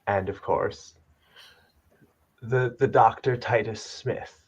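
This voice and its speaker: A man's voice: on the low side, steady tone, slow pace, breathy edge, muffled recording. A man voicing a dry, formal aristocratic husband in a tabletop role-play.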